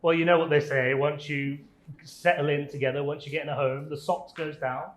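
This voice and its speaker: A man playing a tired, crude talking shoe in an improv comedy scene, rambling and deadpan. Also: a little high, brisk, natural voice. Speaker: improv guest character. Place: live improv stage. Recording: echoey room, loud background noise.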